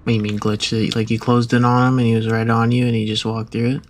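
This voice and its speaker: A man chatting casually with a friend while playing a co-op horror game, excitable and mildly swearing. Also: mid-range voice, quick pace. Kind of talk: casual gaming chat.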